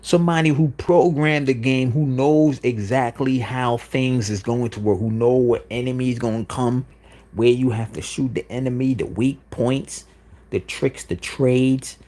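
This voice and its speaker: A man's voice: medium pitch, a little slow, warm tone. A man hosting a livestream, delivering an insistent, repetitive monologue with frequent "you know what I'm saying.". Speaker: livestream host.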